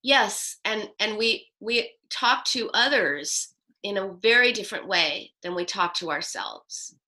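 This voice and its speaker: A woman's voice: mid-range voice, expressive, a little slow, sharp tone, rough recording. A middle-aged woman psychoanalyst answering interview questions in an emphatic way, acting out quoted self-talk. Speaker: psychoanalyst guest.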